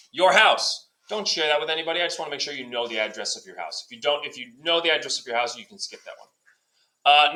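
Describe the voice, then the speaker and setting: A male teacher giving brisk step-by-step classroom instructions, lightly joking. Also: on the high side, sharp tone, rough recording. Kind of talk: classroom instructions recorded for a substitute.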